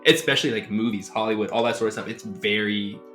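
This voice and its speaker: A man's voice: lowish voice, fairly even intonation, quick pace, fairly bright tone, reverberant, faint music behind. An American man, a guest, chatting casually with lots of filler words. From USA. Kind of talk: casual chat.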